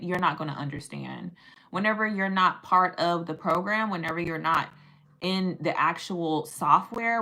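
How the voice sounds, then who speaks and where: Sassy woman chatting on her livestream, bright sharp voice, teasing and animated. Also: fairly low pitch. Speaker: livestream host. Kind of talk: casual livestream chat.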